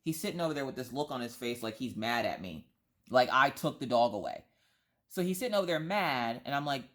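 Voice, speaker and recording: A woman's voice: very deep voice, expressive, a little fast, a bit bright. A woman in her thirties who vlogs, chatting and telling a rambling story full of asides and restarts. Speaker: vlogger. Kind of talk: casual storytelling chat.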